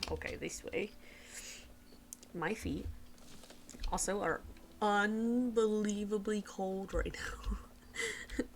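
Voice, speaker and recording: A woman streaming a video game from home, chatting casually with a giggly manner and dipping into soft, whispery asides. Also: medium pitch, creaky, a little hiss or hum. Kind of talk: casual gameplay commentary.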